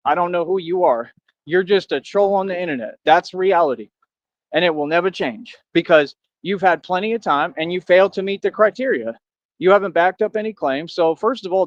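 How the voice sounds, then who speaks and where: Irritated guy venting at trolls online, lo-fi dull sound, no room echo. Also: fairly high pitch. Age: adult. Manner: confrontational, repetitive "right?" asides. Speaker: online show host. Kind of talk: casual ranting monologue. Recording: dull, dry lo-fi audio.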